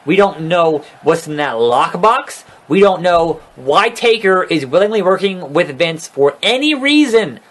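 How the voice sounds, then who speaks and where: A man's voice: fairly high pitch, expressive, measured pace, hardly any pauses, a bit bright. A man giving a casual, rambling recap of a wrestling show, swearing freely and sounding exasperated and sarcastic.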